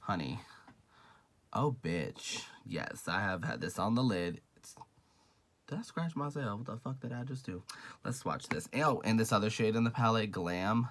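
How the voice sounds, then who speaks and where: A man's voice: fairly low pitch, animated, normal speed, a bit bright, slight background noise. A man hosting a casual makeup review vlog, sassy and gushing, calling viewers honey and girl and swearing freely. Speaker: beauty vlogger.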